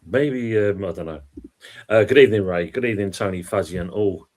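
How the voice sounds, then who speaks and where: A man's voice: lowish voice, fairly quick, darkish tone. A man hosting a casual football stream, chatting and reading out viewer comments. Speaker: podcast host reading live chat.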